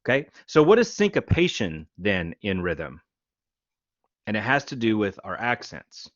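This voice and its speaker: A man teaching a music class, counting beats out loud and showing rhythms on guitar. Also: on the low side, wildly swooping pitch, a little slow, no room sound, highs cut off. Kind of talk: lecture.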